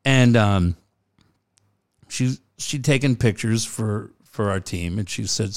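A man co-hosting a casual chat, telling stories with lively jokes. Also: slow. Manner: animated storyteller, jumps high in pitch when joking. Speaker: co-host.

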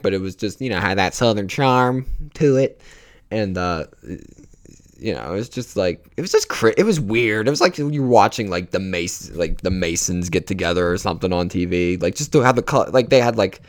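A young man hosting a casual solo podcast, rambling and swearing freely, with many restarts. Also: low voice. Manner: rambling, profane, restarts a lot. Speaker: podcast host.

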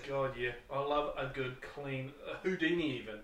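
Crude tales and swearing fill this podcast as a New Zealand-accented co-host gets rowdy, shouting out acted exclamations while he tells stories casually. He speaks at a moderate pace in a mid-range voice. The sound is echoey, the mic far away, with a little hiss or hum.

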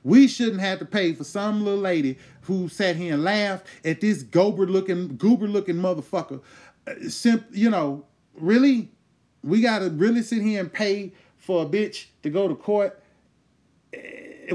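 A man with a slightly higher-than-average voice rants loudly and profanely as a comedy show host. His delivery swings from shouted outbursts to muttered asides as he riffs on whatever is bothering him. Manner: loud, profane, ranting.

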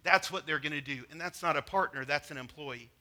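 A man's voice: fairly high pitch, fairly quick, pushed and bright. A middle-aged man preaching a sermon, talking to the congregation conversationally and telling personal stories. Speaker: pastor.

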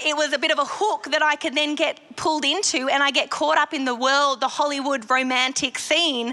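A woman's voice: high-pitched, sharp tone. A woman giving an earnest devotional sermon, stressing points by repeating phrases. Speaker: Christian devotional speaker.

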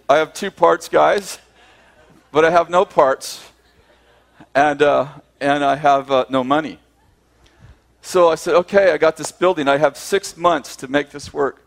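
A man with a voice a touch above the usual pitch tells a story to a group of listeners. He acts out every line of dialogue with lively, chuckling energy. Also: creaky. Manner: acts out both sides of conversations, often laughing. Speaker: speaker telling a personal story.

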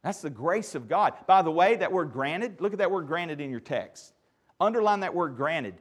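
A middle-aged man preaching a sermon as pastor, his voice rising to loud peaks and dropping to near-whispers. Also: fairly high pitch, lively intonation, normal speed.

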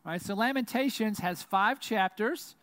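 Southern pastor guy, fairly high voice, goes loud then real quiet, keeps saying right?, dry close sound. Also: a little slow, no echo. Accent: Southern American. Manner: swings from loud and intense to quiet and hushed; says "right?" very often. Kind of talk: sermon.

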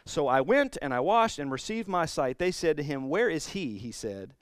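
A man preaching a sermon, retelling a scripture story with animated swings between quiet and loud passages. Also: a little high, normal speed, smooth, dry recording. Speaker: pastor.

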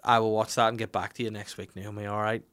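A man's voice: on the low side, level tone, fast talker, fairly bright tone. A man, hosting a podcast in casual chat, reading out listener questions with blunt, jokey swearing. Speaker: podcast host.

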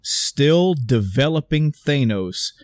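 Brief: young adult man, casual movie recap, animated and profane, dry close sound. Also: mid-range voice, slow pace, no echo. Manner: animated retelling with swearing and acted quotes. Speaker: podcast co-host discussing a movie. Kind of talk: casual chat.

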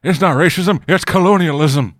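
A man's voice: fairly high pitch, moderate pace, dry recording, clean studio sound. A man riffing on a movie with friends, crude and sarcastic, swearing often. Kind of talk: casual riffing banter.

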